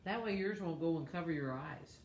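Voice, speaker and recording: A woman's voice: sits low, fairly quick. A talkative woman co-hosting a home cooking show, gushing over each bite. Her voice bounces around a roomy kitchen, with a faint hum behind it. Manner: chatty and effusive, lots of oohs over food. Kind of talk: casual chat.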